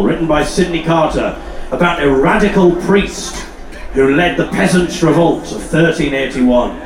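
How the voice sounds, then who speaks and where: A man introducing a song on stage, with slow, wry, joking patter. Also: a little high, a crowd in the background. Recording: roomy live recording from far off with audience.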